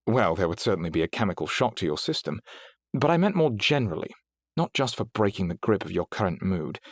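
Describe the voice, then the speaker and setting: In a sing-song, brisk delivery, a man with a fairly low voice portrays a refined, polite female AI companion with a British accent for an audiobook. Her diction is precise and proper, her mood courteous and poised, and the studio-quality audio has no room sound.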